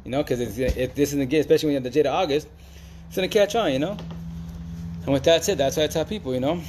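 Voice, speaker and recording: A man's voice: fairly high pitch, rapid-fire, a little mellow, slight background noise. A man talking straight to camera in a casual, slangy monologue, full of emphatic repeats and street talk. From Seattle, USA. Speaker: Facebook Live vlogger.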